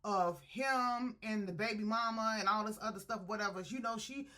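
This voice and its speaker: A woman speaking recaps a book for her viewers in loose, chatty slang. Her voice is bright and forceful. She drifts into quick impressions of the characters as she goes. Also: mid-range voice. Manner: animated storyteller acting out characters' quotes with slang. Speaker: book reviewer. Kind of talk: casual spoiler-filled plot retelling.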